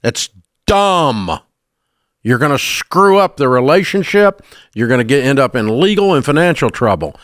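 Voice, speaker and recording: An older man with a Southern American twang lectures his radio audience, blunt and scolding. His pitch swings widely as he hammers each point. The studio sound is dry and close. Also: sing-song, moderate pace, a bit bright, no echo. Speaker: radio show host. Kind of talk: call-in radio talk.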